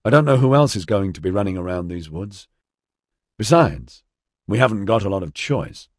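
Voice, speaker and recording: A man's voice: fairly low pitch, normal speed, no room sound, clean studio sound. A man voicing a practical young man on a freezing trek, reasoning things out matter-of-factly. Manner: calm, reasoning, matter-of-fact.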